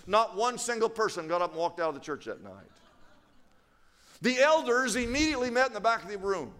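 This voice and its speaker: A preacher with a notably high voice tells a story from the pulpit, stacking phrase on phrase as he builds. He is winded and pushes on with emphatic drive. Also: very animated, brisk, sharp tone. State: out of breath. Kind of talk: sermon storytelling.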